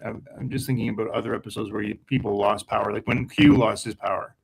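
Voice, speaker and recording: A man's voice: on the low side, fairly even intonation, quick pace, creaky, a little hiss or hum, rough recording. A man co-hosting a podcast, eagerly recalling other episodes in casual chat. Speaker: podcast co-host. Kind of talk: casual discussion.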